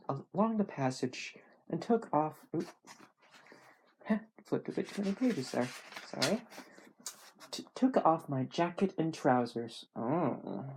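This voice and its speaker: Hobby reader, airy and husky, casual read-aloud with rambling asides. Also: mid-range voice, a little mellow. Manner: self-deprecating, chatty asides.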